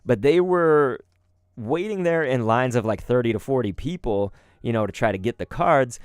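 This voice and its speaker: A man's voice: mid-range voice, moderate pace, clear, resonant tone, no echo, studio quality. A man hosting a card-opening vlog, telling a story casually with lots of fillers and casual swearing. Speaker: YouTube card-opening host.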